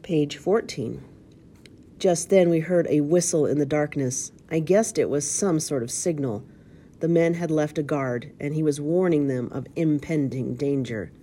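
A woman reading a children's storybook aloud, steady with occasional slips, calling out page numbers. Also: low-pitched, measured pace. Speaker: reader.

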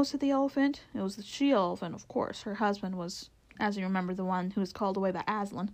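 A woman reading a children's storybook aloud as narrator, in a lively, expressive way. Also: medium pitch, fast talker, low-quality recording.

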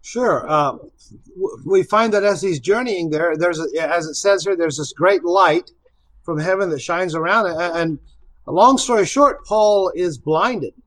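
A man's voice: high voice, a little slow, a bit bright, poor audio. A man taking part in a Bible study discussion, thinking aloud with frequent hesitations and restarts. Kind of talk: casual discussion.

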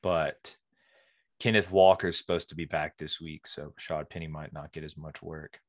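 A man's voice: very deep voice, fairly even intonation, normal speed. A man in casual podcast chat, talking in a hesitant, mumbled way.

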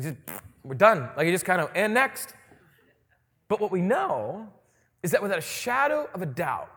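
A male pastor with a high voice preaches in a loose, joking, conversational manner. His words carry a long reverb from a large hall. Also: fairly bright tone. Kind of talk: sermon.

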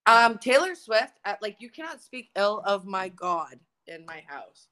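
A young woman co-hosting a chatty podcast with friends. She is bubbly and laughs a lot, tossing in swear words without a second thought. Her pitch sits at an ordinary middle level. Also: big pitch swings, measured pace, bright, forceful tone. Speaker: podcast co-host. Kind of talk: casual chat.

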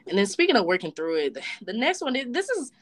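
A woman's voice: medium pitch, big pitch swings, quick pace. A young woman co-hosting a casual podcast chat, telling stories about her friends bluntly and with lots of swearing, and acting out what they say. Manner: blunt, profane storytelling; acts out friends' lines in quotes. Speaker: podcast co-host.

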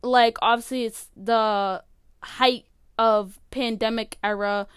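A high-voiced young woman in her late teens runs her podcast from her bedroom, recording on a phone. Her voice is smooth and the sound is dry and close, with no room around it. She rambles in a loose, chatty way, packing her sentences with fillers and cutting herself off mid-thought. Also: steady tone, slow pace, no room sound. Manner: rambling, filler-heavy, self-interrupting. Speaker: podcast host. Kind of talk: casual solo podcast chat. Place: bedroom at home.

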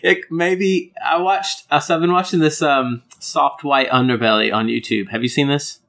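A young man from Georgia in the United States co-hosting a podcast, joking in a relaxed, laid-back way. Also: fairly high pitch, moderate pace. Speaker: podcast co-host. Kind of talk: casual banter.

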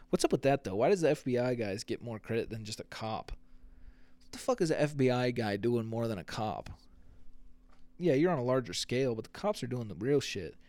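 A man's voice: mid-range voice, expressive, fairly quick, darkish tone, dry recording. Profane, rambling man hosting a podcast. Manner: profane, rambling, acts out quotes. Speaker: podcast host. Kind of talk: casual comedic podcast rant.

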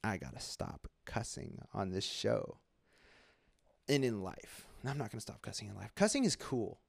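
A man's voice: on the low side, very animated, normal speed, creaky, slightly rough, no room sound. Rambling sarcastic young man, dry sound. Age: late 20s. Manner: rambling, sarcastic, self-mocking. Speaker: podcast host. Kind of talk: solo podcast monologue. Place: bedroom set up as a home studio.

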